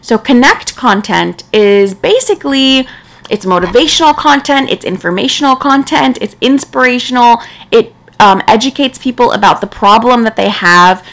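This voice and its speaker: A woman's voice: fairly high pitch, lively intonation, moderate pace, a bit bright. A young woman hosting a solo podcast as a business coach, talking casually and a bit tired late at night, with lots of "right?" and "like".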